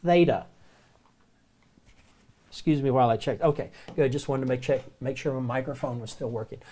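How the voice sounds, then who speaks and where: A man with a Southern American accent teaching the Greek alphabet in a relaxed, chatty way, slowly repeating each word. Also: mid-range voice. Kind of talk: recorded classroom lecture.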